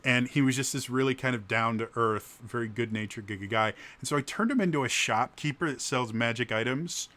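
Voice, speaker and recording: Bright-voiced man with a heavy stutter. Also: medium pitch, brisk, hardly any pauses. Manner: heavy stutter, repeated sounds. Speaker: game master. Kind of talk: casual answers to a video questionnaire.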